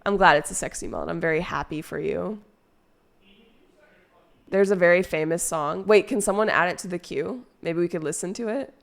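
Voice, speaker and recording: A woman's voice: on the low side, normal speed, creaky. Casting note: woman streamer, tipsy and stoned, loose rambling chat full of swearing. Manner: swearing, chatty, rambling with fillers. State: drunk and stoned. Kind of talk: casual chat with viewers.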